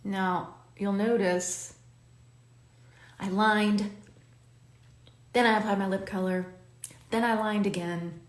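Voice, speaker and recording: A woman's voice: medium pitch, fairly even intonation, takes it slowly, long pauses, roomy sound. A woman hosting a makeup tutorial, chatting and coaching the viewer while she does her own makeup. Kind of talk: talking while doing her makeup on camera.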